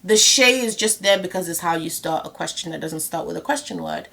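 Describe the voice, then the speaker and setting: Lively woman teaching a language lesson. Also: lowish voice, creaky. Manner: lively, laughs often, slows down to spell out example phrases. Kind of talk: casual spoken language lesson.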